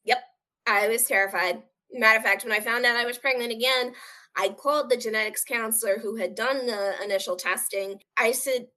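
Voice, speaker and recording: Woman, interview guest with a fairly high voice, sharing a hard personal story in an earnest, open way. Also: fairly even intonation, a little fast, sharp tone. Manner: earnest, acts out quoted voices.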